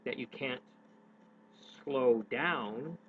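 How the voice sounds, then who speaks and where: A man's voice: medium pitch, extremely slow. A man talks unhurriedly through advice for his daily vlog, drifting and correcting himself as he searches for words. The sound is thin and tinny, like a phone line, with a faint hiss of noise underneath. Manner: rambling, self-correcting, many hesitations. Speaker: daily vlogger. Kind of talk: unscripted talk on public speaking.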